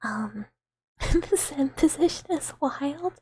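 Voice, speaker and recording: A young woman whispering in an ASMR chat stream, soft and giggly, rambling with fillers on a close mic. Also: sits high, animated, slow pace.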